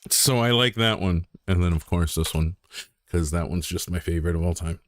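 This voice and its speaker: A young man streaming a game from home, chatting casually in a rambling, joking way with deadpan asides. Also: low voice, brisk. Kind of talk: casual live-stream chat.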